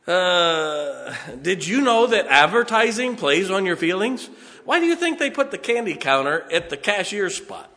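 Folksy preacher man, bright voice, echoing hall. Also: high voice, sing-song, a little slow. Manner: folksy, chuckles often, keeps checking on the congregation. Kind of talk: sermon.

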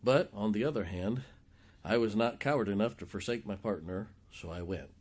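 Animated storytelling man preaching. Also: fairly low pitch, normal speed. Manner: animated, jokey storyteller who acts out quotes. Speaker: pastor. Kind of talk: sermon storytelling.

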